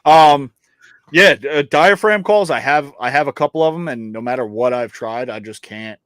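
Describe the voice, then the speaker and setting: A man's voice: medium pitch, flat delivery, normal speed, fairly bright tone, clear, resonant tone, no echo, clean studio sound. A man co-hosting a casual podcast chat, boastful and joking, swearing freely and trailing off into fillers. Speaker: co-host.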